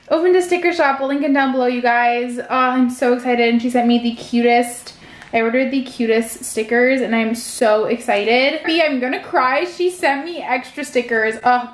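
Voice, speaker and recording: A woman vlogging casually at home, gushing and excitable as she talks to the camera. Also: on the high side, moderate pace, echoey room. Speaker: lifestyle vlogger. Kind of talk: casual vlog narration to camera. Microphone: vlog camera mic.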